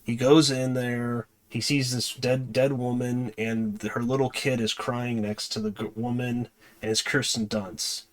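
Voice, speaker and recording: A man of middle pitch talks through a film's plot in loose, casual speech. He hesitates often, fills gaps with "um" and circles back to correct himself as he reviews the movie. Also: level tone, measured pace. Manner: hesitant, many fillers and restarts. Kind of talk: casual spoken plot recap.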